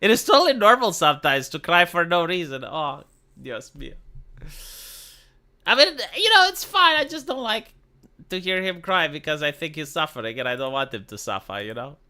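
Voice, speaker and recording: A young man hosting a livestream, ranting casually with lots of swearing and big swings in pitch. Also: sing-song, a little fast, sharp tone, smooth. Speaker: livestream host.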